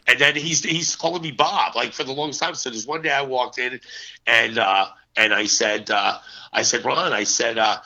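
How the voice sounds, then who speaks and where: A bright-voiced actor from New Jersey, US, tells animated anecdotes with quoted voices in a casual storytelling interview. He talks fairly quickly in a mid-range voice. The audio is muffled and lo-fi.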